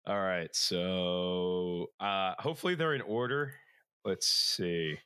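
A hoarse young man co-hosting a podcast, chatting casually with rambling asides and jokes. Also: sits low, takes it slowly, bright, forceful tone, no room sound, clean studio sound. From Philadelphia area. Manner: rambling, filler-heavy, joking. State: hoarse after illness. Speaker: podcast co-host. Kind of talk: casual chat.

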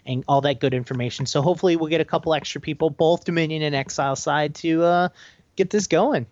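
Male co-host, animated and swearing, dull lo-fi dry mic on a gaming podcast. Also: fairly high pitch, quick pace, dry recording. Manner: animated, swearing, acts out quotes. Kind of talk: casual gaming podcast chat. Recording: dull, muffled audio.

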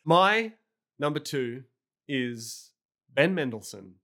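A man's voice: mid-range voice, expressive, slow pace, sharp tone. A man co-hosting a casual film podcast, teasing his partner, giggling and swearing casually. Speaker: podcast co-host.

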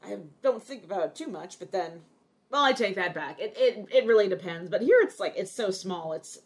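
A woman co-hosting a podcast in relaxed, casual chat. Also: medium pitch, fairly quick. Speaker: podcast co-host.

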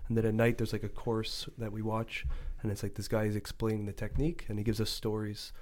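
A man's voice: lowish voice, little pitch movement, fairly quick, darkish tone. A man in a casual chat, animatedly telling a story with casual swearing.

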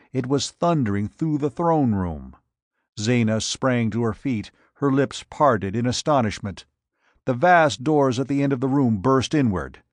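A man reading a pulp adventure aloud as narrator, with a measured, dramatic delivery. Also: medium pitch, no room sound. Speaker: audiobook narrator. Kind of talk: scripted narration.

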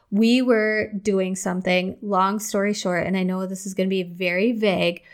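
A young woman hosting her own podcast, talking candidly and chattily, now and then acting out her own outbursts in a higher voice. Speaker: podcast host. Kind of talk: casual solo podcast talk.

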